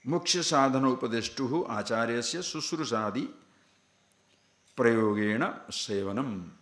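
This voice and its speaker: A man's voice: medium pitch, normal speed, fairly bright tone, echoey room. A man giving a scripture discourse to a class as a spiritual teacher, emphatic and full of rhetorical questions.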